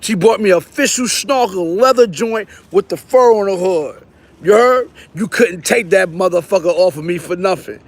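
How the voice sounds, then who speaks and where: A middle-aged man with a New York accent and a notably high, light voice, spinning a story from his Brooklyn neighborhood. He talks in loose street slang, animated and quick to act out what others said. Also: a little hiss or hum. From Brownsville, Brooklyn. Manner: animated, slangy, acts out quotes with raised voice. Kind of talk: casual storytelling.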